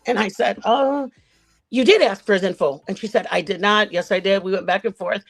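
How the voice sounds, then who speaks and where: Lady rambling thru a story on a livestream, keeps correcting herself, mid-pitched voice. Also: moderate pace, gravelly. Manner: rambling, self-correcting retelling.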